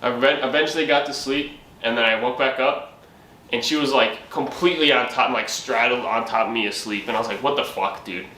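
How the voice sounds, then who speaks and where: Bright-voiced young man telling a comic story. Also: medium pitch, a little fast. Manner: profane, laughing, acts out his own quotes. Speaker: channel host. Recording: echoey room with faint ambient noise.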